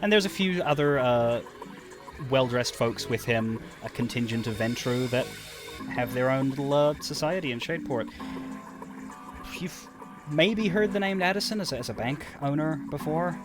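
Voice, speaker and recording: Casting: male game master, mid-pitched, halting narration, music underneath. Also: expressive. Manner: rambling, many restarts and fillers.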